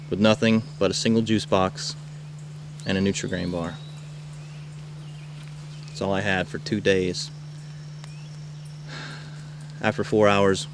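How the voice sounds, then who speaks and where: Male camp counselor, lowish voice, tall-tale storyteller, loud outdoor background. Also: creaky. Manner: animated, shouts quoted lines. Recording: noisy outdoor camcorder recording.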